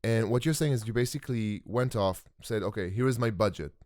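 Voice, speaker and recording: A man's voice: lowish voice, brisk, a little mellow, no echo, studio quality. A young man hosting a podcast interview, enthusiastically restating his guest's points in casual chat. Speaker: podcast host.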